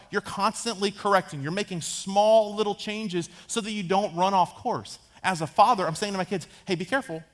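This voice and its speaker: A man's voice: high-pitched, a bit bright. A man in his thirties preaching a sermon as a pastor, conversational, acting out Bible characters in casual asides. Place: church sanctuary.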